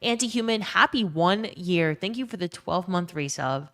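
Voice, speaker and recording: A woman's voice: on the low side, expressive, normal speed, a bit bright. A young woman with a Southern US accent chatting casually on a live stream, swearing freely and reading out chat messages. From Louisiana.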